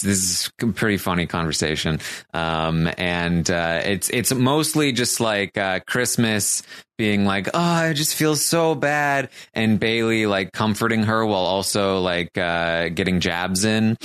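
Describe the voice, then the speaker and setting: A man's voice: low-pitched, steady tone, a little slow, a bit bright, clear, resonant tone, no echo. A man hosting a casual recap show, hesitant and full of fillers and restarts. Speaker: podcast host.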